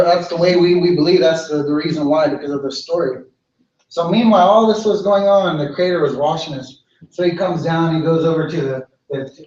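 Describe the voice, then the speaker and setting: A man tells a traditional story aloud, unhurried and circling back on his phrases, in a slightly raised voice. He is picked up from a distance in a reverberant space. The sound is dull and lo-fi. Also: on the high side, darkish tone. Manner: unhurried, repetitive, with many restarts. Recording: echoey, distant, lo-fi hall recording.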